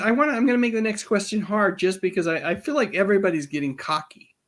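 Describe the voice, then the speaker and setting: A man hosting a live-stream trivia quiz, chatty and reading out the answer choices slowly. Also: sits high, fairly bright tone. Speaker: host.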